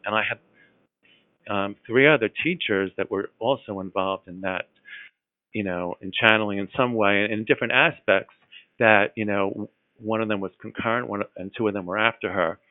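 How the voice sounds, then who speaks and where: An enthusiastic man recounts his experience in a loose, conversational way, stumbling and restarting as he goes. His voice sits low, and the recording is dry and narrow, as if heard over a telephone. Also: moderate pace, dry recording. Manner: earnest, full of fillers and restarts, enthusiastic. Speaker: guest telling his story. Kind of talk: casual conversational storytelling. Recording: tinny phone-like line.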